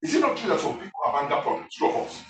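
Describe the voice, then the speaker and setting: A man speaking as guest author to a live audience, animated and constantly asking the room questions. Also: a little high, racing, a crowd in the background. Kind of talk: interactive talk to a live audience. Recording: echoey room, voice from a distance.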